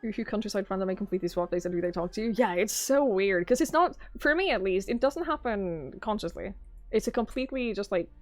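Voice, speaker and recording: A woman's voice: mid-range voice, animated, fairly quick, dry recording, faint music behind. A young Norwegian woman with a Norwegian accent in English, chatting casually with her live-stream viewers and reading their messages aloud. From Norway. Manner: chatty, musing aloud, swears casually, reads chat aloud. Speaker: game streamer.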